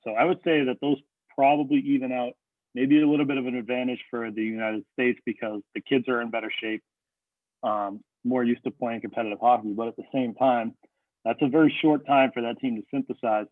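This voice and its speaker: A man's voice: medium pitch, fairly even intonation, a little fast, dry recording. A young man co-hosting a casual sports podcast, laying out his points one by one in an analytical way. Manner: analytical, breaks down points in order. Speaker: podcast co-host. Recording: tinny phone-like line, dry.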